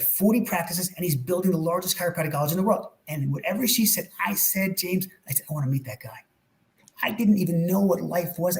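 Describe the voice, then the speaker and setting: High-voiced New York man telling stories. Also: poor audio. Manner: animated, emotional storyteller, frequent repeats. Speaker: guest chiropractor. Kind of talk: podcast interview storytelling.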